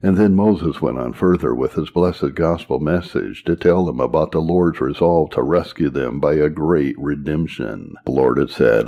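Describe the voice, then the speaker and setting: A man's voice: extremely low pitch, measured pace, mellow. A man reading an old sermon aloud in a solemn, earnest, exhorting manner, on a dull lo-fi recording. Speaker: reader.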